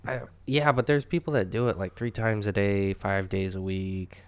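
A young comedian co-hosting a podcast, asking pointed questions and giving opinions in casual chat. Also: male voice, on the low side, steady tone, normal speed, smooth, no echo.

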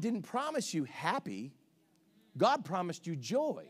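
A male pastor preaching a sermon in an emphatic way, swinging between shouts and soft asides. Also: high voice, wildly swooping pitch, takes it slowly, husky.

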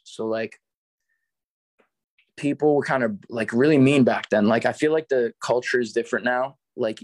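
Guest storyteller, male, 40s, loose and rambling, mid-pitched voice, dry close sound. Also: no room sound. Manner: laid-back, rambling, filled with "like". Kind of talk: casual storytelling.

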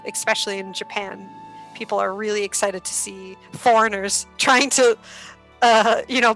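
A woman guest on a podcast, telling stories in a casual, animated way, laughing often and using lots of "like". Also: medium pitch, rough recording. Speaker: podcast guest, karuta player.

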